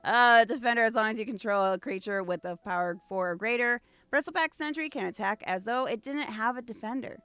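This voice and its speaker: Higher-pitched, smooth-voiced woman unboxing cards. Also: brisk, few pauses, sharp tone, dry recording. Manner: reads card text aloud between gushing asides. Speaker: VTuber host. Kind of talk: casual unboxing chat.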